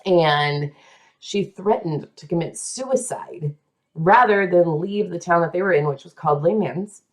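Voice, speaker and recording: Speaking in a fairly low register, a female podcaster relays a true story with drama and an easygoing tone, breaking off for asides and doing quick voices of the people she describes.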